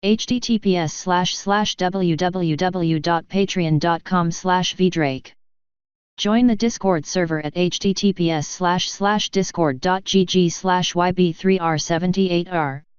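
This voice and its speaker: A woman narrating a fanfiction audiobook in an even, clear read-aloud manner. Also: on the low side, a little slow, no room sound, lo-fi sound. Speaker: fanfiction reader.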